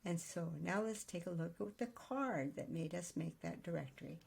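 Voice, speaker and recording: A woman teaching writers in a thoughtful, explanatory way, pausing to reason aloud as she goes. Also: fairly low pitch, expressive, vocal fry, darkish tone, slightly rough. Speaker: writing teacher. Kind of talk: daily video lesson on note-taking.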